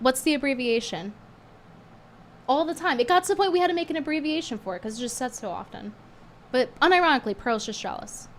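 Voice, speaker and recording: Speaking in a high voice, this female streamer delivers laid-back commentary full of sarcasm and energy. She bursts out indignantly and gets a bit hoarse, and there's a slight hiss or hum.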